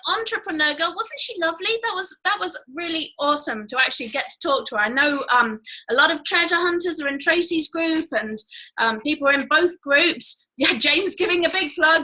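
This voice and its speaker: Upbeat woman host, high bright voice, chatty live-show patter. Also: poor audio. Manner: chatty, upbeat, many fillers and restarts. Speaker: podcast host. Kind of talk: casual live show chat.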